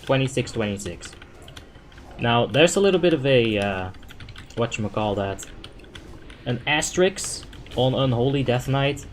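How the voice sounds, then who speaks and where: A man's voice: medium pitch, a little hiss or hum. Man, chatty gaming streamer. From Netherlands. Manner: relaxed, chatty, thinks out loud, swears when frustrated. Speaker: game streamer. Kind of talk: live gameplay commentary answering chat.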